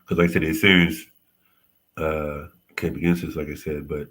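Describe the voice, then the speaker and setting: A man hosting a casual livestream history lesson, halting and often correcting himself. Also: a bass voice, level tone, a bit bright, slightly rough. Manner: halting, frequent self-corrections and apologies. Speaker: host teaching history on a livestream.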